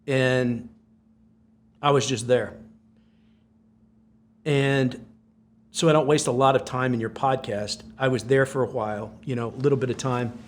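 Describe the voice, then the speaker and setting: A man's voice: medium pitch, steady tone, a little slow, pauses often. A man in his sixties, a podcast guest, telling a personal story intensely with repeated phrases. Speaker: podcast guest, former Navy SEAL.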